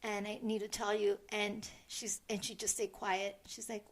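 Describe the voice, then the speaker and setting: Middle-aged woman, podcast co-host, gravelly, soft and halting. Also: mid-range voice, level tone. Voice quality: soft, halting, many restarts. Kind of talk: casual chat.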